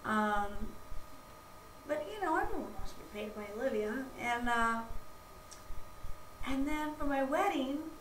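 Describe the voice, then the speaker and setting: A woman's voice: high voice, expressive, measured pace, pauses often, fairly bright tone, recorded from a distance. A woman vlogging at home, telling a rambling, gushing anecdote full of fillers and restarts. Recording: roomy, off-mic, faint background noise.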